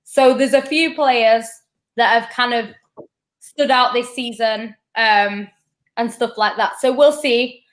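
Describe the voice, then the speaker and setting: Measured woman, somewhat high voice. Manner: measured, thoughtful, with frequent hesitations. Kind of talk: casual chat.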